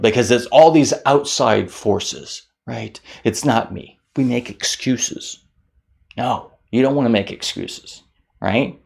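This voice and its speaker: A man giving a motivational talk to camera, animated, mocking common excuses in whiny voices. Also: fairly low pitch, takes it slowly, gravelly. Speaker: motivational speaker.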